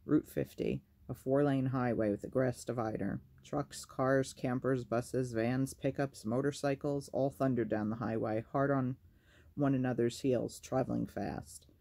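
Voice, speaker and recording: A man reading a novel aloud as a storyteller, in a measured, even way. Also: medium pitch, vocal fry.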